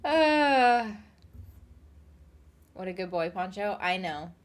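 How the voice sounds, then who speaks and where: A woman's voice: fairly low pitch, moderate pace. A woman streaming from her home office, chatting casually and answering her chat in a rambling way.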